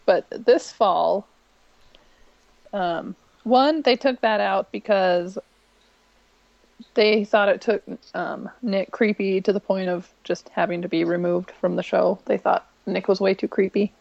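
A woman co-hosts a podcast, retelling a TV episode in a chatty, rambling way and popping her voice up to quote the characters. Her mid-height voice has a gravelly, fry-laced edge. The sound is dry and a little dull, like a home podcast mic. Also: mid-range voice, steady tone, slow pace, dry recording. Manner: chatty retelling with many ums, quoting lines in a brighter voice. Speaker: podcast co-host. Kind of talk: casual recap of a TV episode.

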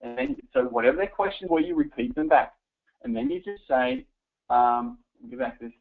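Lively man coaching a sales crowd, tinny sound. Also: fairly high pitch, normal speed, vocal fry. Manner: animated, coaching, addresses audience directly. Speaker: sales trainer. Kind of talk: live sales training talk. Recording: tinny phone-like recording. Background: audience present.

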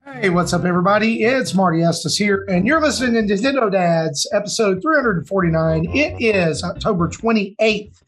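High-voiced rambling podcast host man. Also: a bit bright. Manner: loose, rambling, friendly with fillers. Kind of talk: casual podcast banter.

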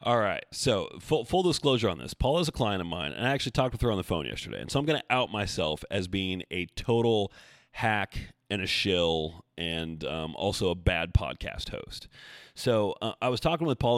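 A man hosting his own podcast as a coach, talking casually and thinking out loud, with self-deprecating asides. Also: fairly low pitch, expressive, a little fast, no room sound, clean studio sound. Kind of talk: casual solo podcast talk. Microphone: desk mic, seated.

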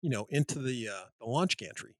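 A mid-pitched man spins a long, rambling anecdote in casual podcast chat. He restarts sentences often and leans on "you know" as he goes. The sound is close and dry. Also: expressive, a little fast, no echo. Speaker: podcast host.

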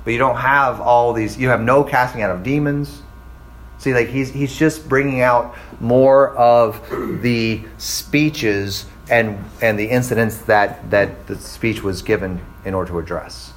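Animated man leading a Bible study. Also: medium pitch, slight background noise, poor audio. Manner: animated, acts out quoted voices. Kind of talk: casual Bible teaching.

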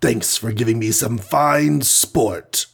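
A man voicing a cruel, mocking alien villain in a storybook reading, with a husky voice. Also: medium pitch, takes it slowly, heavily acted. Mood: gloating. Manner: commanding, mocking. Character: sinister alien male villain, gloating and cruel.

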